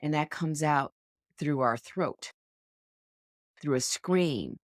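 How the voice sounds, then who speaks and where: A woman's voice: low-pitched, slow pace, no echo, studio quality. A woman co-hosting a sports podcast, talking in an earnest, encouraging, coach-like way. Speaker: podcast co-host. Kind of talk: casual podcast chat. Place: indoors, podcast recording.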